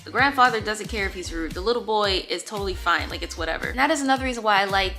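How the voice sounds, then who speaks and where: A young woman telling a dating story in a casual, animated way, acting out the quotes and swearing freely. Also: medium pitch, racing, soft background music. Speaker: storytime vlogger.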